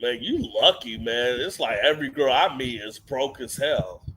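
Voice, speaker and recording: Bright, blunt young man. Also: medium pitch, lively intonation, normal speed, husky. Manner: blunt, reads viewer questions aloud. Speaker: co-host. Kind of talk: casual streamed chat.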